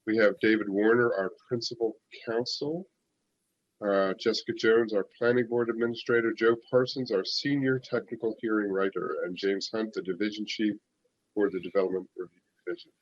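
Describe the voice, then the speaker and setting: A man's voice: on the low side, steady tone, a little fast, no room sound, lo-fi sound. A man chairing a public planning board meeting, running through procedure steadily with filler uhs. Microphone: virtual call.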